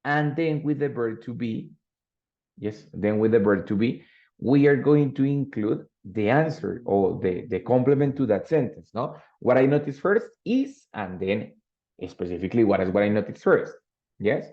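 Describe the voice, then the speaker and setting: A man's voice: medium pitch, expressive, normal speed. Man teaching English. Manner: explains with many tag questions and fillers. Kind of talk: online English class explanation. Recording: dull lo-fi audio.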